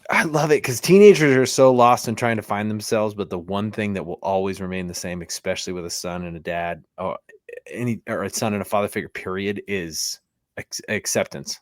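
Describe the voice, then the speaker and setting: Man, low voice, dry close sound, casual enthusiastic host. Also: a little fast, no echo. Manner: enthusiastic, says dude and man a lot. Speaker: podcast host. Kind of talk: casual interview chat.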